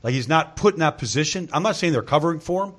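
A man's voice: fairly high pitch, animated, quick pace. A man talking through football tactics in a casual sports discussion, explaining at length and leaning on "I mean" as he goes. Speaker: football analyst.

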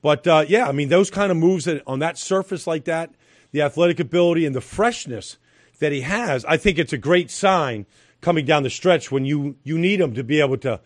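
A man's voice: on the high side, brisk, no room sound. A middle-aged man giving football analysis as a studio guest, talking emphatically with repeated phrases and fillers. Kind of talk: studio sports analysis chat.

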